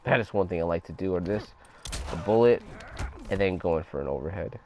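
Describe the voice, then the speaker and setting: A man's voice: low-pitched, expressive, fairly quick, a little mellow, slight background noise. A young man giving a casual, profane gameplay tutorial, talking loosely over footage. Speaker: gaming guide creator.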